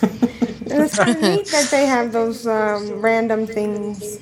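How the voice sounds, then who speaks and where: A woman hosting a gaming podcast, relaxed and giggly in casual chat. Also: fairly high pitch, takes it slowly, a loud crowd. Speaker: podcast host.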